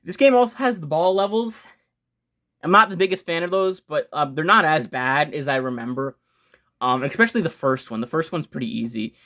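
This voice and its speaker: A young man hosting a casual video game ranking vlog, talking fast and excitedly, gushing and swearing casually with frequent restarts. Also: a little high. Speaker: video game channel host.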